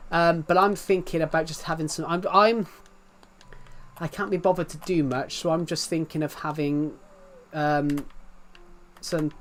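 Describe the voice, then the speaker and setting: A man's voice: a little high, a little hiss or hum. A young English man with an English accent livestreaming, chatting casually to his viewers and rambling in circles, repeating himself. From England. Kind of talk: casual chat to live viewers.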